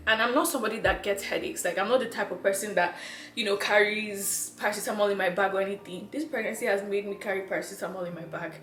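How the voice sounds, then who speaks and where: A woman's voice: medium pitch, a bit bright. A young woman from Nigeria, out of breath, chatting casually to her viewers as a vlogger, laughing and repeating herself. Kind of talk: casual chat to camera. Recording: echoey room.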